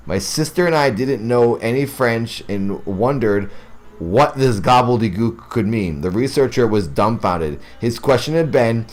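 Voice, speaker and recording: A man narrating ghost stories aloud who keeps stopping to react excitedly and ramble to his listeners before going back to the text. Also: mid-range voice, a little slow. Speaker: horror story narrator.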